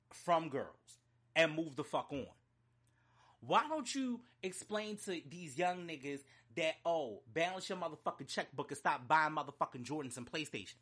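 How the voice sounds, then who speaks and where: Heated, forceful man ranting. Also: a little high, lively intonation, normal speed, breathy edge. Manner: profane, heated, emphatic. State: choked up. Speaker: music reviewer. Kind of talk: unscripted emotional rant.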